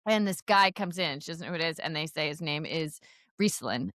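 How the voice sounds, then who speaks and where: A woman co-hosting a podcast, recapping a book in casual chat, telling it in an animated way, laughing often and saying "like" a lot. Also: low voice, brisk, no room sound, studio quality. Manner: animated storytelling, frequent laughs and "like". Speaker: podcast co-host.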